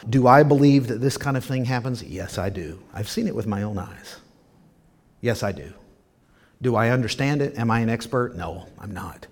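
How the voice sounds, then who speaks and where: A man preaching a sermon, animated, acting out the people he quotes. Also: medium pitch. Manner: animated, acts out quoted voices. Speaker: pastor.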